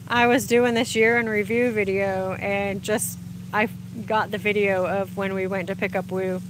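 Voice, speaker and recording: A woman's voice: mid-range voice, little pitch movement, normal speed, background noise. A woman, hosting a casual livestream outdoors, chatting with viewers over her phone and laughing often. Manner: chatty, warm greetings, frequent laughs. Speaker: livestream host reading viewer comments. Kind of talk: casual live chat. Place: outdoors in sunlight.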